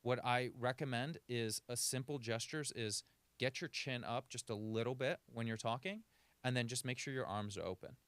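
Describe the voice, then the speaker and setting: A man's voice: medium pitch, moderate pace, a bit bright, clean tone, no echo. A man working as a communication coach, giving practical advice in a podcast interview and shifting his pace to demonstrate. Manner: coaching, illustrative, varies speed for demonstration.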